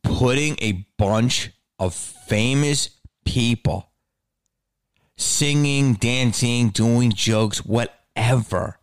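A man's voice: lowish voice, dry recording, clean studio sound. A middle-aged man hosting a solo podcast, ranting sarcastically and swearing a lot. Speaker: podcast host.

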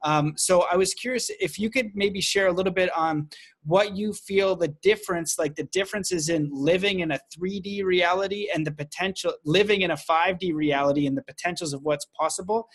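A man's voice: high voice, brisk. A man hosting a podcast, asking thoughtful, loose questions that are full of "like" and "you know". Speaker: podcast host. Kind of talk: interview questions.

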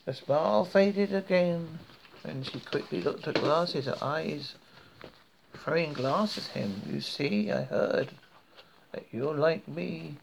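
A British man reading a horror story aloud in a slow, measured way, with occasional slips and restarts. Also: on the high side, gravelly, a little hiss or hum.

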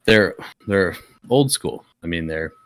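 A young man with a very low, deep voice rants bluntly on a podcast, swearing freely as he talks. The sound is close and dry, with no room echo. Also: animated, slow, a bit bright. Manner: blunt, profane, ranting. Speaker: podcast co-host. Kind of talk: casual chat.

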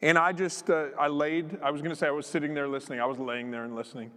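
A man, a guest pastor preaching a lively sermon story and acting out the lines of the people in it. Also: on the high side, fast, long reverb tail. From Canada. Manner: lively, animated storytelling with acted-out quotes and laughter.

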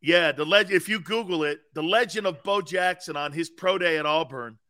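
A man with a bright, fairly high voice co-hosts a sports talk show. He tells old workout stories with excitement, laughing and doing exaggerated impressions. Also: moderate pace. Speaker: co-host, former football player. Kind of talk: casual sports talk storytelling. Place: podcast studio.

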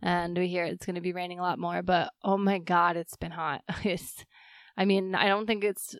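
Female podcast co-host, casual and giggly, smooth dry voice. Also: on the low side, little pitch movement, moderate pace, no echo. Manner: giggly, chatty, lots of fillers. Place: home office in summer heat.

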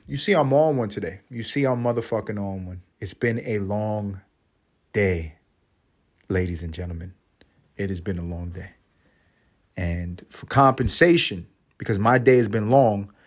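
A man of Puerto Rican background doing a crude, rambling comedy podcast monologue, slipping into mocking voices and laughing. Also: on the low side. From Puerto Rico. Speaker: podcast host.

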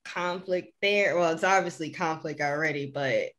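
A woman's voice: deep voice, normal speed, crowd noise. A woman co-hosting a casual chat, laid-back, laughing often and trailing off mid-sentence. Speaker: co-host.

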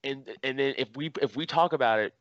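A male podcast host talking casually, swearing often and getting worked up as he recounts a story. His voice sits at an ordinary pitch. The recording is dry and somewhat dull and lo-fi. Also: fairly quick, dry recording. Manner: animated, profane storytelling.

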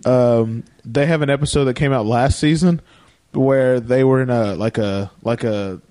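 A man's voice: medium pitch, moderate pace. A man co-hosting a podcast, retelling cartoon scenes in casual chat. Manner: animated retelling, quoting cartoon characters. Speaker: podcast co-host.

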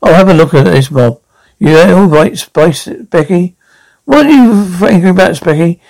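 A woman's voice: fairly low pitch, expressive, normal speed, vocal fry, a little mellow, rough recording. A woman playing a cheeky, foul-mouthed elderly grandmother who mocks and nicknames everyone in a comedy sketch. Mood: mocking. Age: older. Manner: mocking, name-calling, interrupting.

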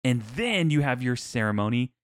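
A man's voice: mid-range voice, big pitch swings, normal speed, dry recording, studio quality. A man co-hosting a podcast, speaking in an enthusiastic, emphatic way. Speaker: podcast co-host. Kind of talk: casual chat.

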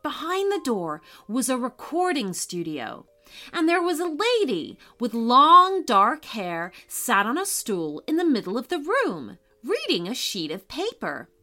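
A woman storyteller and podcast host narrating a bedtime story in a gentle, unhurried way. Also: fairly high pitch, huge pitch swings.

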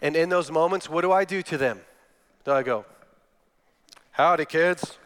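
Speaking fairly quickly in a clean-toned, higher-pitched voice, this man in his thirties preaches as a guest speaker. He relies on stories and acts out the quotes, while the hall adds a long reverb.

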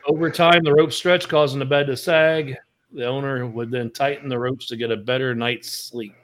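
Podcast guy telling old jokes, laughs a lot, bright punchy voice. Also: medium pitch, steady tone, moderate pace. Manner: tells jokes and stories, laughs often. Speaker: podcast co-host. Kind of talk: casual chat.

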